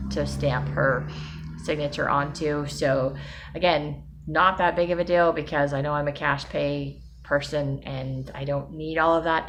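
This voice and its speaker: Emotionally overwhelmed woman rambling, low voice. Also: a bit bright, a little hiss or hum. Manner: emotional, rambling, self-deprecating with nervous laughs. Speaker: vlogger. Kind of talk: personal video diary.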